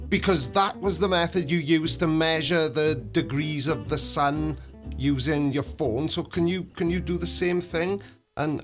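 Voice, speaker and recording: Sarcastic man. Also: on the high side. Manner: mocking, sarcastic. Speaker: reaction video host. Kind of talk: sarcastic commentary.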